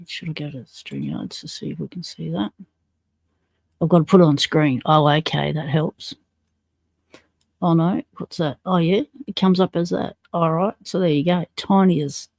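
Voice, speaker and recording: A woman's voice: fairly low pitch, no echo. An Australian woman hosting a livestream, chatting in a casual, slangy way as she greets viewers and reads out their comments. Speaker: livestream host.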